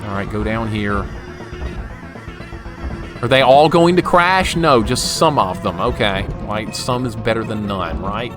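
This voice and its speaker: A young man with a fairly low-pitched voice talks a little slowly as he plays a retro game on a live stream. Between moments of frustration he jokes and laughs, reading and answering his chat over the game music.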